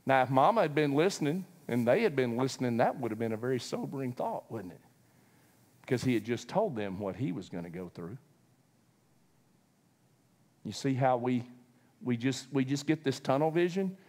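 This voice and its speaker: A man's voice: mid-range voice, sing-song, moderate pace, pauses often, a little mellow, long reverb tail. A man preaching a sermon, telling the story with humor, acting out voices and laughing often.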